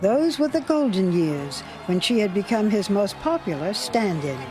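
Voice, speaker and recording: A woman news interviewer and narrator asking measured, probing questions in a broadcast interview. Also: medium pitch, sing-song.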